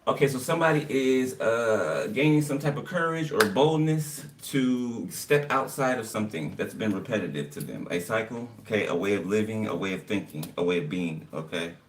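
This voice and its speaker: A man's voice: on the low side, expressive, moderate pace, hardly any pauses. A man giving a casual live tarot reading, chatty and laughing often as he greets viewers. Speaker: tarot reader. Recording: distant from mic, clear background noise.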